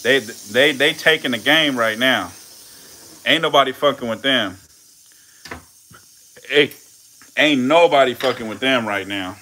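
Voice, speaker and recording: A young man, cursing and laughing through loud live-stream commentary. His voice is bright and forceful, with a faint background hiss. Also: mid-range voice, moderate pace, pauses often. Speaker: channel host feeding snakes.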